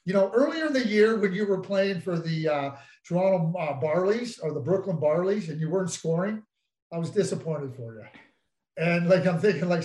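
A man's voice: high-pitched, moderate pace. Man telling hockey stories, echoey. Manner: teasing, animated anecdotes. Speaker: podcast co-host, former hockey executive. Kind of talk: casual storytelling chat.

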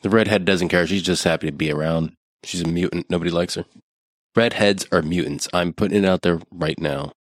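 A man's voice: low voice, fairly quick, no echo, studio quality. A man co-hosting a podcast, chatting crudely and riffing with profanity. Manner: profane, riffing, acts out voices in quotes. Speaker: podcast co-host. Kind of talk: crude casual chat.

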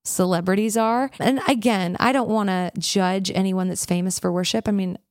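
A woman worship leader in a casual interview, telling stories with lively acted-out quotes and many "like"s. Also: mid-range voice, moderate pace, no room sound, clean studio sound. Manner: animated storyteller, acts out quotes, frequent "like".

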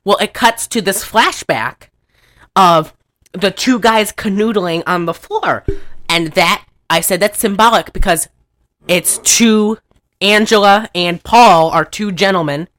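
A woman hosting a casual chat, rambling through a movie recap, often laughing and clearing her throat. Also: mid-range voice, a little slow, fairly bright tone, no echo. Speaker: podcast host.

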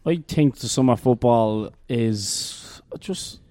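A man's voice: medium pitch, slow pace, warm tone, no room sound, studio quality. An Irish man co-hosting a football podcast, jokey in casual chat. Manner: jokey, laughs often. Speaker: podcast co-host.

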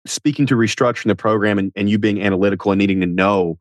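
A man's voice: lowish voice, very fast, no echo. A man hosting a casual interview, blunt and loose, swearing freely and restarting his sentences. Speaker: podcast host and fitness coach.

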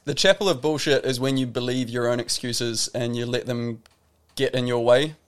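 Kiwi guy in his 30s on a podcast, mid-pitched, thinks out loud, lots of likes and restarts. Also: fairly even intonation, normal speed. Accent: New Zealand. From New Zealand. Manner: reflective storytelling, lots of "like" and restarts. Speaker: guest, professional tennis player. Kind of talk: casual podcast interview.

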